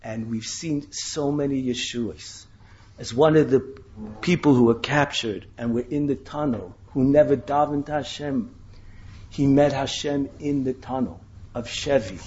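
A man's voice: medium pitch, unhurried, a little mellow, muffled recording, slight background noise. A man giving an impassioned sermon, with dramatic rises into questions and Hebrew terms woven in. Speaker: rabbi giving a Torah talk.

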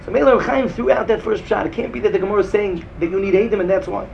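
Male Talmud teacher with a Yeshivish English accent; high, gravelly, sing-song delivery over a faint hiss. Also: rapid-fire, highs cut off. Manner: sing-song, rising to emphatic bursts and dropping low. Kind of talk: yeshiva-style Talmud lecture.

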